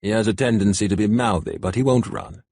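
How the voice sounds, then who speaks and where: A man voicing a cold, mocking male warlord who speaks slowly and deliberately. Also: fairly low pitch, darkish tone, no echo, clean studio sound.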